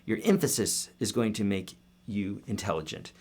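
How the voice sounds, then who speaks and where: A man's voice: fairly low pitch, expressive, moderate pace, a little mellow. A man in his thirties, a guitar teacher answering viewer questions in a casual, upbeat live-stream lesson. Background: guitar playing.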